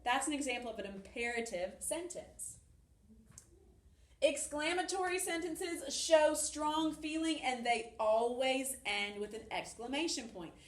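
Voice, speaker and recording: In an empty classroom, a woman records a remote fourth-grade grammar lesson for children, upbeat and encouraging as she explains step by step. Her high voice moves at a measured pace and sounds off-mic and far away in the echoey room.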